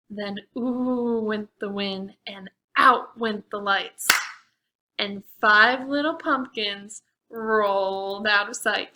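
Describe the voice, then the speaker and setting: A woman librarian reading aloud at a preschool storytime, animated and asking the children questions. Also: a little high, poor audio.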